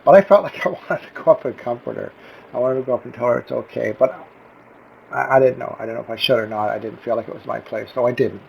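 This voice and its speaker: Earnest man with a gravelly voice. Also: mid-range voice, highs cut off, slight background noise. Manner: earnest, searching, with many restarts. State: close to tears. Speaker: vlogger. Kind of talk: reflective personal vlog.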